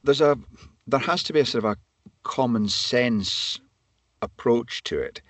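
A man's voice: medium pitch, unhurried, fairly bright tone, dry recording. A man, an audiobook narrator as a guest, talking articulately with self-deprecating humour. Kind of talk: conversational interview.

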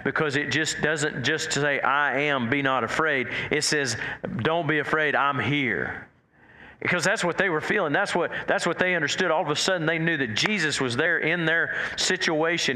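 A man's voice: fairly high pitch, bright, forceful tone, echoey room. A male pastor preaching a conversational sermon, with frequent restarts and scripture quotes spoken in a lifted voice.

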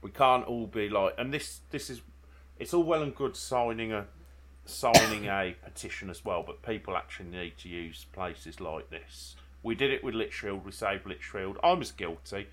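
A man's voice: on the low side, normal speed, fairly bright tone. A man, co-hosting a podcast and reading the news segment in a chatty way, often ending with tag questions. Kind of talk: casual podcast chat. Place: home bedroom.

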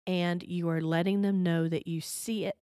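A woman's voice: lowish voice, steady tone, moderate pace, dark tone, dry recording, studio quality. A middle-aged woman giving parenting advice as an interview guest, patient and explanatory, often checking in with the listener.

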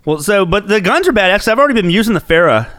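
A man's voice: high voice, sing-song, fast, fairly bright tone, dry recording. A man co-hosting a gaming podcast in casual chat, swearing often and rambling bluntly. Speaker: podcast co-host.

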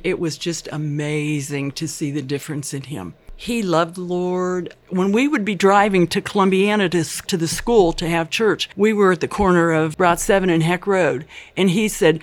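A woman's voice: on the low side, moderate pace. An older woman telling her life story in an interview, earnest and chatty, acting out the people she quotes.

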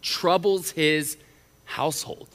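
A middle-aged man, a college pastor preaching a sermon in an animated way, often acting out the voices of the people he quotes. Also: fairly high pitch, takes it slowly. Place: church auditorium. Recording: reverberant church hall.

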